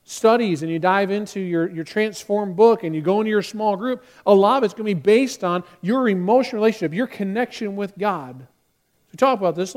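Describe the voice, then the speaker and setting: Animated high-voiced male pastor preaching. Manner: animated preaching, acts out quotes with rising force. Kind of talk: sermon.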